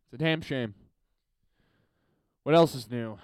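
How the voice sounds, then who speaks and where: A young man from Montreal hosting a podcast alone, ranting and swearing, swinging between loud and quiet. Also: mid-range voice, a little slow, clear, resonant tone, dry recording. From Montreal, Canada. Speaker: podcast host. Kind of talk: solo podcast rant.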